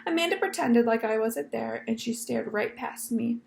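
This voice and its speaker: A woman reading a children's novel aloud, with expressive storytelling. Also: on the high side, moderate pace, gravelly, roomy sound.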